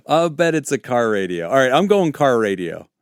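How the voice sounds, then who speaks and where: Male podcast co-host, mid-pitched, expressive, casual swearing, dry studio sound. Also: normal speed, dry recording. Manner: swears freely and laughs often. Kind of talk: casual podcast banter during a guessing game.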